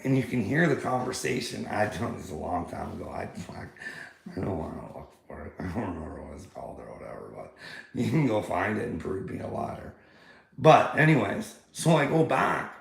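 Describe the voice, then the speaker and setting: A man's voice: lowish voice, vocal fry, reverberant. A man ranting angrily in a heated vlog monologue, swearing constantly as he retells a confrontation. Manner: angry, heated, swearing a lot. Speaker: vlogger.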